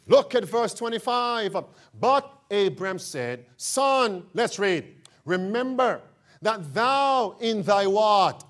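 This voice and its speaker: A male pastor preaching a sermon, quizzing the congregation with call-and-response questions and rising to emphatic shouts on key points. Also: very high voice, lively intonation, slow pace.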